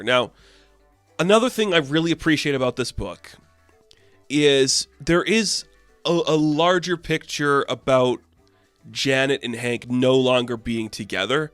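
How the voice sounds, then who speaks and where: A man's voice: medium pitch, a bit bright, dry recording. Guy reviewing comics, super into it, dry close mic, faint music under. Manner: enthusiastic, filler-heavy. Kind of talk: casual video review.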